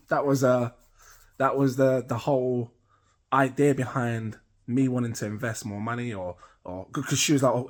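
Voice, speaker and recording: A middle-aged British man rambling casually to camera as a crypto channel host, chatty and self-amused. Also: medium pitch. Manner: rambling, chatty, laughs at himself.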